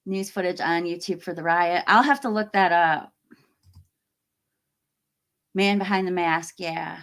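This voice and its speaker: A woman's voice: lowish voice, a little slow, fairly bright tone. A middle-aged woman chatting casually on a live stream, reading viewer comments, laughing often and trailing off mid-sentence. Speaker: horror YouTuber hosting a live stream.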